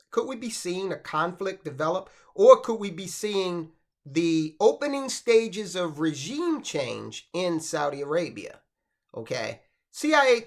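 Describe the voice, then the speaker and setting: Man, finance commentary host, sardonic and rhetorical, very lively pitch, bright edgy tone. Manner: sardonic, rhetorical, keeps asking "okay?". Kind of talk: opinionated commentary.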